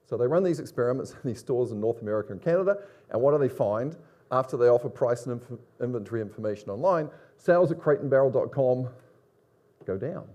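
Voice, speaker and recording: A middle-aged man with a Long Island accent speaks at a conference. His tone is mellow and relaxed. He presents in a lively, conversational way and keeps putting questions to the audience. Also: medium pitch, quick pace. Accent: Long Island New York. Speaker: conference speaker, business academic.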